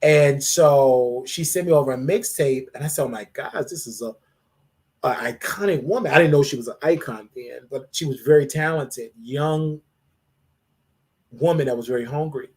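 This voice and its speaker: An emotional man hosting a casual livestream, thanking his viewers again and again in an effusive, repetitive way. His voice sits at an ordinary middle pitch. He sounds shaken up after crying. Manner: jumps to high drawn-out greetings when welcoming viewers. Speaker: livestream host. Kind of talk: emotional live stream chat with viewers.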